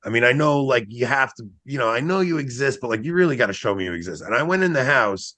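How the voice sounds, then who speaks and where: A man's voice: mid-range voice, fast talker. A man in his forties telling a personal story in casual podcast conversation, acting out what he once said. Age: 40s. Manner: animated, acts out his own past quotes.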